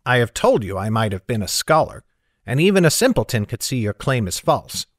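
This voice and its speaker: A man's voice: medium pitch, big pitch swings, brisk, no echo, clean studio sound. A man reading an audiobook, voicing a mocking, haughty streetwise young man. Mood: scornful. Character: scornful streetwise young man, would-be scholar.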